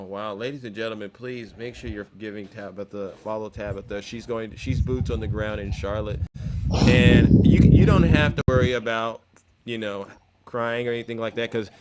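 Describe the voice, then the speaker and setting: A man hosting a live call-in talk show, swinging between loud mockery and a hushed, sober tone. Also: medium pitch, noisy background. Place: Bay Area.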